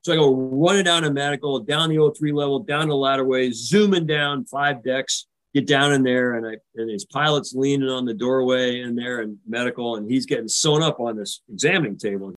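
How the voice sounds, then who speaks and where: An older American man, a retired naval officer, recounts a tense carrier landing in a vivid, animated way during a podcast interview. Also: mid-range voice, a little fast, few pauses, poor audio. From United States. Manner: vivid, animated retelling, acting out radio calls. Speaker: guest.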